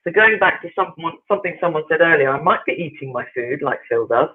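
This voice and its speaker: An older woman chatting as a radio guest over the phone, talkative and quick to laugh. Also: deep voice, expressive. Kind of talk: casual radio chat. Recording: tinny phone line.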